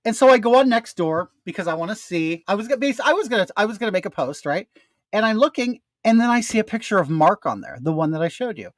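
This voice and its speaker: An older man with a high-sitting voice tells his audience a story at a quick pace, casual and animated, swearing a lot and edging into a rant. There's no echo on the sound.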